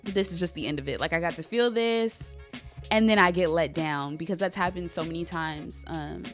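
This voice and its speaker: A young woman vlogging from her bedroom, gushing and tearful, talking in quick bursts with lots of fillers. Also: lowish voice, faint music behind. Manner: tearful, gushing, talks in bursts with many likes. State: crying on and off. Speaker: vlogger and talk show creator. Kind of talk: emotional personal vlog. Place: at home, bedroom.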